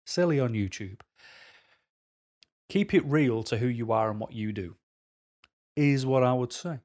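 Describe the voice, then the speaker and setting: A man's voice: mid-range voice, normal speed, darkish tone. A man giving dating advice to camera in a casual vlog, jokey and self-deprecating.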